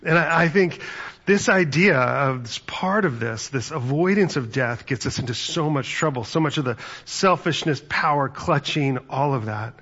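A man's voice: fairly high pitch, normal speed, a bit bright, husky, lo-fi sound. A man giving a conversational sermon as pastor, telling stories and acting out quotes. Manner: conversational, storytelling with acted-out quotes.

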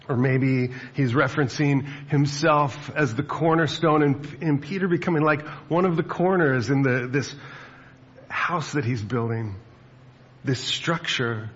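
A male pastor gives a sermon in an easygoing, conversational voice that wanders into asides. His voice is gravelly and a bit husky, and the recording sounds slightly dull and lo-fi. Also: mid-range voice.

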